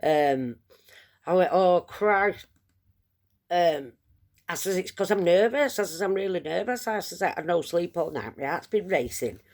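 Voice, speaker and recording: A woman's voice: lowish voice, animated, measured pace, darkish tone. A woman chatting to camera, telling a long story in a rambling, self-mocking way. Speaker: vlogger. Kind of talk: casual storytelling.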